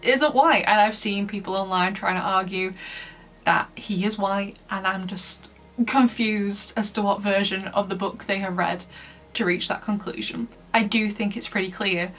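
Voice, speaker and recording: A woman's voice: medium pitch, fairly even intonation, normal speed, a bit bright. A woman from Lancashire giving a casual review commentary in a chatty way, laughing often between points. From Lancashire, England. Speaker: book reviewer.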